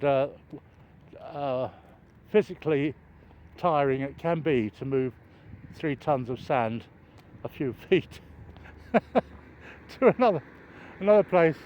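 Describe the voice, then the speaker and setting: Older man rambling wryly while walking outdoors. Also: fairly high pitch. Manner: chatty, wry asides, many fillers and restarts. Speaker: vlogger filming a construction site. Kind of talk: rambling walk-and-talk narration. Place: outdoors by a road, walking downhill. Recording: dull outdoor camera audio with traffic noise.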